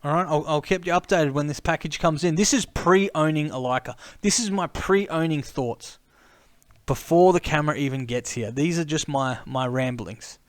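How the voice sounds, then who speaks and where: Excitable rambling man, dry sound. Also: a little high, normal speed, no room sound. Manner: excitable, rambling, repeats himself. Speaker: camera vlogger. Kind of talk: casual rambling monologue.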